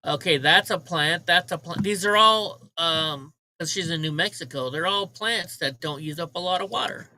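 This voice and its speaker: A man's voice: fairly high pitch, normal speed, hardly any pauses, bright, forceful tone, slight background noise, low-quality recording. A man hosting a casual livestream, ranting with profanity and mocking remarks while he talks to his chat. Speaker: livestream host.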